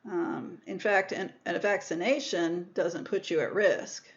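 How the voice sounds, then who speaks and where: A woman's voice: lowish voice, unhurried, dull audio. A woman giving a recorded microbiology lecture, explaining step by step and rephrasing herself. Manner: explanatory, repeats and rephrases terms, self-corrects.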